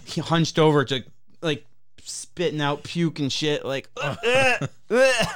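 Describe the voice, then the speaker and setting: Smooth-voiced man telling a rambling story. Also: fairly high pitch, fairly even intonation, measured pace. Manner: rambling, profane, often laughing mid-story. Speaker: podcast co-host. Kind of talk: casual storytelling chat.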